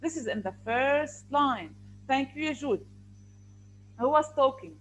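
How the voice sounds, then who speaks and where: A woman's voice: high voice, expressive, takes it slowly, slight background noise, poor audio. A woman teaching an online English lesson over a video call, asking questions over and over in a firm way.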